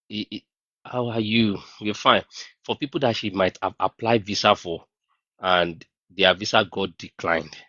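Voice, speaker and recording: A man hosting a casual livestream, talking in an animated, incredulous way and often mimicking others in a raised voice. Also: low voice, no room sound, dull audio. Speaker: livestream host. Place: New Zealand.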